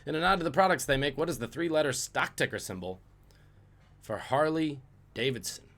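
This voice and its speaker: A man hosts a live-streamed trivia quiz, reading out questions and joking about viewers' guesses from the chat. His voice is on the high side, brisk and fairly bright.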